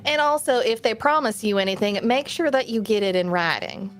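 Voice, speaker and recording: Female player, lively in-character role-play, sassy; soft music behind. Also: fairly high pitch, brisk.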